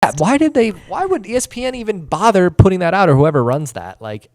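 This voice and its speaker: A man's voice: sits high, big pitch swings, brisk, a little mellow, no room sound, studio quality. A young man co-hosting a podcast, chatting in a laid-back, rambling way with lots of fillers. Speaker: podcast co-host. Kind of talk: casual chat.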